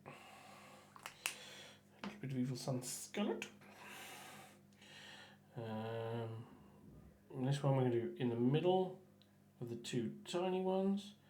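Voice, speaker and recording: Man, casual painting stream, rambling, stumbling restarts, mid pitch, roomy echo. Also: slow pace, long pauses, noisy background. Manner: rambling, chatty, stumbling restarts, trailing off quietly while concentrating. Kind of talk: casual painting livestream chat.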